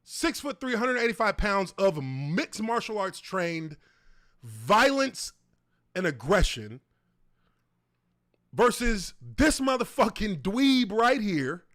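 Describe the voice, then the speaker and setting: In a dry, studio-quality recording, a high-voiced man hosts his own show. He offers casual, profanity-laced commentary on a video clip and speaks directly to his viewers in an animated way.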